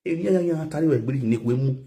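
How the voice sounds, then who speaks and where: A man talking in a rambling, casual monologue, swinging between low muttering and loud exclaiming. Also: racing, slight background noise. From Nigeria. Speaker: social media personality.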